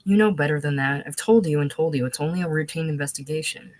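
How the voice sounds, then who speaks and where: A woman reading aloud voicing a gentle, placating young man. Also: low voice, fast, natural voice. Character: earnest young man, a soothing seminary graduate.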